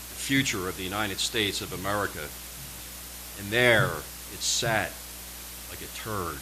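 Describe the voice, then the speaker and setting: A male poet performing his poems live at a small venue, with a measured, dramatic delivery and slow, emphatic pauses. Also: on the low side, bright, forceful tone, slight background noise, low-quality recording.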